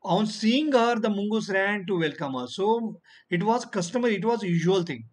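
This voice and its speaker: Male teacher, fairly high voice, online class, explains by repeating and answering his own questions. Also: expressive, moderate pace.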